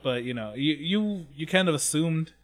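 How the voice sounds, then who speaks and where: A man's voice: on the high side, expressive, normal speed, soft background music. Rambling, profane man recapping a story. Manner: profane, rambling, acts out scenes in quoted voices. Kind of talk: casual chat recapping an anime.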